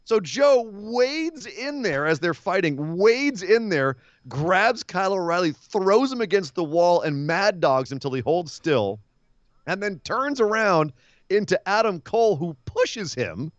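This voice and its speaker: A man co-hosting a casual wrestling podcast, telling stories in an animated way and acting out quotes. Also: high voice, measured pace, dry recording, dull audio. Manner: animated storyteller, acts out quotes. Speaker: podcast co-host. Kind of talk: casual wrestling recap chat.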